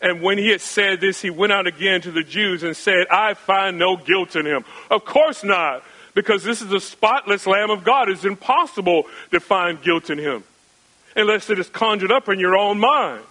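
A man preaching an expository sermon, asking rhetorical questions and repeating phrases for emphasis, swinging between raised and hushed delivery. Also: high-pitched, moderate pace, low-quality recording. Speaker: pastor.

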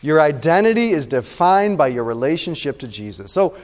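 A pastor giving a conversational sermon, often checking in with the room with quick questions. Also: male voice, a little high, very animated, in a large hall.

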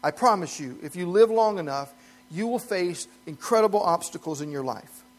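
A man with a notably high-pitched voice preaches from the pulpit. He speaks earnestly and with emphasis, his sermon broken by light chuckles. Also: lively intonation, normal speed. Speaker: pastor.

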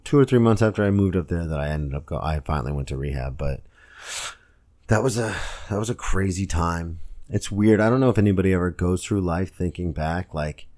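Low-voiced man rambling on a podcast. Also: darkish tone. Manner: rambling, filler-heavy storytelling. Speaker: podcast host and stand-up comic. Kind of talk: casual solo podcast rant. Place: home room, girlfriend nearby.

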